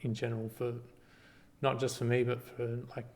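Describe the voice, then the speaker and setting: A man casually walks through a screen-recorded tutorial, relaxed and halting, with lots of ums and restarts. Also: mid-range voice. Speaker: party volunteer giving a tutorial.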